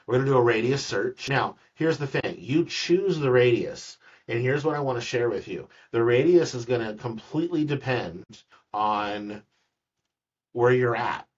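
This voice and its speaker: A man's voice: mid-range voice, expressive, moderate pace, breathy edge. Chatty man teaching from a distance. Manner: chatty, jokey asides, repeats words. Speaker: real estate agent teaching a colleague. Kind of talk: casual screen-recorded tutorial. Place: office room with a colleague. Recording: dull, distant screen-recording audio.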